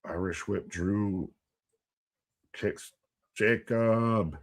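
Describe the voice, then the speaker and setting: A man co-hosting a live wrestling watch-along, rambling and animated, joking with the chat. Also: fairly low pitch, drawn-out words.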